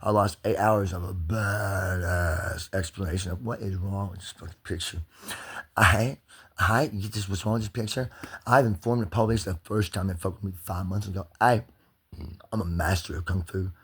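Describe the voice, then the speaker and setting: A man's voice: deep voice, steady tone, moderate pace, a bit bright, slightly rough. A man venting angrily in a rambling, profane monologue to his channel. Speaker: vlogger.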